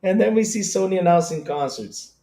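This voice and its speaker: A high-voiced male streamer talks briskly to his chat during a casual live reaction stream, giggling, swearing, and constantly bursting into laughter. He's animated and excitable, and the room gives his voice a roomy echo.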